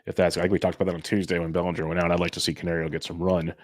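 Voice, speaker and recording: A man's voice: low voice, little pitch movement, racing, no echo. A man co-hosting a fantasy baseball podcast, talking casually and a bit sarcastically. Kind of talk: casual sports chat.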